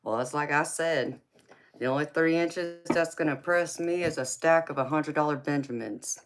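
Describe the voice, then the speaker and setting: A woman's voice: deep voice, normal speed, background noise. A woman with a Southern drawl hosts a live tarot stream and chats with her viewers. She teases them, laughs often and calls them honey and baby. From California. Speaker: livestream tarot reader host. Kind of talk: casual live-chat banter with viewers.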